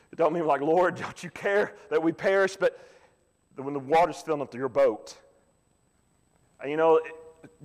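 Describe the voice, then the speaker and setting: A man in his thirties preaching a sermon in a folksy, conversational way with touches of humor. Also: a little high. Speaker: pastor. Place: church sanctuary. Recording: long church reverb.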